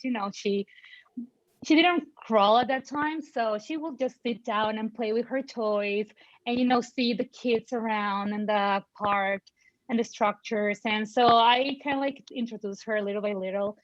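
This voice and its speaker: A woman in her thirties speaks candidly as a parent on a panel, outspoken and animated, acting out the people in her stories. Her voice sits a little high. The sound is dry and slightly muffled, like a video call. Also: no room sound. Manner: outspoken, animated, full of fillers and voiced quotes. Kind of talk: personal storytelling in a panel conversation.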